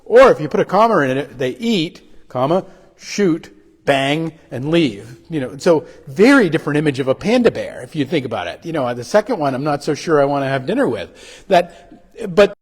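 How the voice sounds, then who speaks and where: A man giving a pastor's sermon reflection, halting and full of restarts and fillers as he talks. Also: a little high, sing-song, breathy edge. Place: church. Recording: livestream with long hall reverb.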